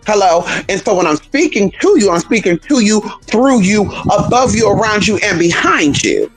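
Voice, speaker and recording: A man with a husky voice, telling stories in a flamboyant, sassy monologue. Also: normal speed, soft background music, low-quality recording. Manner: flamboyant, sassy, very expressive, swings into high voices for quoted people. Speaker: spiritual practitioner and vlogger. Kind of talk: casual storytelling monologue.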